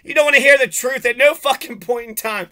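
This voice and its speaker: A man's voice: extremely high pitch, steady tone, a little fast, sharp tone. A man giving an agitated, profane, sarcastic rant in video commentary. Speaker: vlogger.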